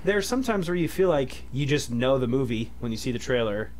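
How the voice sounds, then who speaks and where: A man's voice: mid-range voice, lively intonation, brisk. A man co-hosting a movie podcast, chatting at length in a rambling way. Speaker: podcast co-host. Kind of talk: casual chat.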